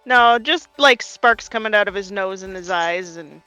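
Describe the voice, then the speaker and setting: A woman playing in a tabletop game, giving quick, playful replies. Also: mid-range voice, bright, forceful tone, no room sound, soft background music, rough recording. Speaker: player. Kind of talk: casual tabletop role-play.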